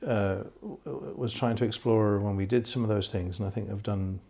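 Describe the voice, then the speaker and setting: A man's voice: lowish voice, normal speed, gravelly, dark tone. A man hosting a casual interview, asking long, hesitant questions full of restarts. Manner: hesitant, many fillers and restarts. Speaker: interviewer and film director.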